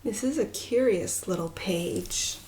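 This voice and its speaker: A woman giving a pick-a-card tarot reading, talking in a musing way, with phrases that trail off softly. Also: mid-range voice, slow, background noise. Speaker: tarot reader.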